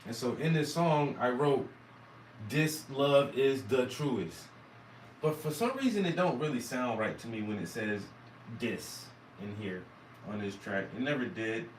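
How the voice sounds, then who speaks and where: Southern man from South Carolina, casual and profane, recorded at a distance in an echoey room with faint noise behind. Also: medium pitch. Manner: rambling, profane, self-amused. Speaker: vlogger and musician. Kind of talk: casual talk to camera.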